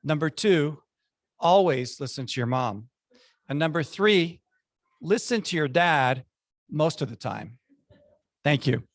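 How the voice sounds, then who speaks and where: A man's voice: fairly high pitch, slow pace, pauses often, dry recording. Man telling childhood stories in a speech. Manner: lively storytelling, punchy numbered lessons. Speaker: club speaker giving an icebreaker speech. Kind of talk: prepared storytelling speech.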